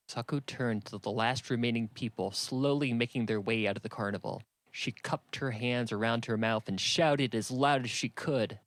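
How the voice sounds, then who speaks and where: A man narrating an audiobook in an even, matter-of-fact reading. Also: medium pitch, moderate pace, no echo. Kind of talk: scripted narration.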